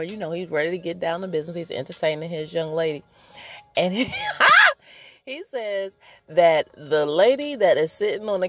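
A woman hosts her own podcast, chatting casually and playfully straight to her listeners. Her voice sits a little low for a woman, and she laughs easily between points. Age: adult, married. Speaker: podcast host. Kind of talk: casual solo podcast chat.

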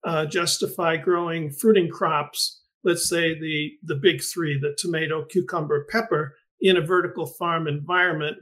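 A man's voice: fairly high pitch, a bit bright. A middle-aged man hosting an interview podcast, speaking thoughtfully with frequent restarts and fillers. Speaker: podcast host and greenhouse researcher. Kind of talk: conversational interview.

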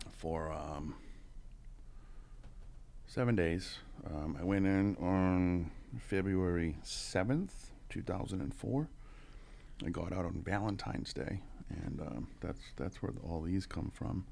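A man in his forties, appearing as a podcast guest, tells his story candidly in a deep, gravelly, darkish voice. He takes it slowly and talks casually and profanely, peppering everything with "you know" and chuckles.

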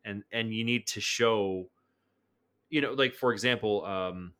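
A man co-hosting a film podcast, talking in a lively, animated way and often restarting his sentences. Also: lowish voice, clear, resonant tone. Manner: animated, frequent restarts and quick laughs. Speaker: podcast co-host. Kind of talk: casual film discussion.

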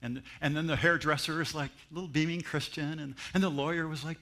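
A man's voice: on the high side, brisk. A man preaching a sermon as pastor, telling stories and mimicking voices along the way. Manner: animated storytelling with mimicry and laughs.

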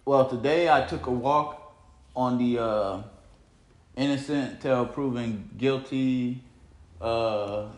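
A man's voice: medium pitch, slow pace. A man hosting his own podcast, telling a loose, rambling story full of slang and restarts. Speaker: podcast host. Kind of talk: rambling casual monologue. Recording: roomy echoey room.

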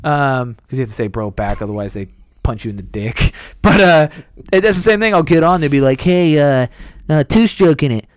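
A man in his twenties chatting casually, telling rambling profane stories and jumping into high squeaky impressions. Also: brisk. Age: 20s. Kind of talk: casual chat.

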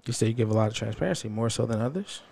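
A man on a casual podcast, asking quick, probing questions as a studio guest. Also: medium pitch, expressive, gravelly, mellow.

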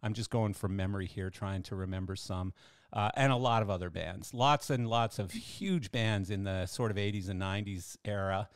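A man's voice: on the low side, fairly even intonation, moderate pace, clean tone, no echo, clean studio sound. An older man hosting a podcast, telling stories in a chatty, enthusiastic way with lots of fillers. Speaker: podcast host. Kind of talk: casual podcast monologue.

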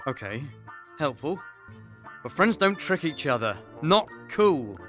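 A woman's voice: sits low, sing-song, takes it slowly, fairly bright tone, soft background music, pitched below the performer's own voice, full character voice. Woman doing a nervous, drugged young man. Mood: wry.

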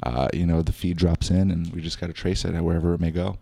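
A man's voice: low-pitched, level tone, fast talker, gravelly, mellow, slightly rough, no room sound. A man co-hosting a podcast in casual chat, rambling and joking with lots of fillers. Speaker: podcast co-host, spiritual teacher.

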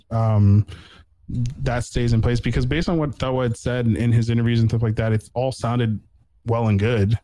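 A man's voice: mid-range voice, mellow, rough recording. A man hosting a casual sports podcast, rambling with lots of fillers and restarts. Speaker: podcast host.

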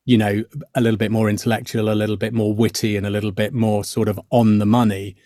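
A middle-aged man with a low voice talks through his acting training as a podcast guest. He is thoughtful and hedging, full of "um" and "you know" as he works out his points. The sound is dry and close. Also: flat delivery, fast talker, dark tone, dry recording. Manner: thoughtful, many fillers and restarts. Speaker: actor guest. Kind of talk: podcast interview.

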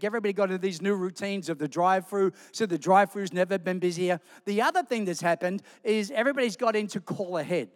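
A man preaching a sermon as a guest pastor, telling stories with humor and lively delivery. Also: high voice, in a large hall. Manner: animated storytelling with humor. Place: large church hall.

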